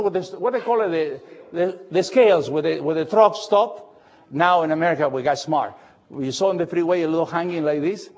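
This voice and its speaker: A man preaching a Bible study, lively and emphatic, full of fillers and questions to his listeners. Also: fairly high pitch, lo-fi sound. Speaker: pastor. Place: church, recorded for radio.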